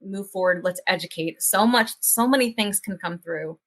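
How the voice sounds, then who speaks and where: A woman's voice: mid-range voice, normal speed. A woman hosting a podcast, talking casually in long, earnest, hopeful run-on thoughts. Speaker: podcast host.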